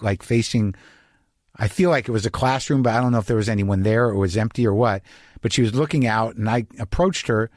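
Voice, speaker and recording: In a clean, echo-free studio recording, a medium-pitched male podcast host talks candidly and reflectively in a casual monologue and interview, frequently starting his sentences over.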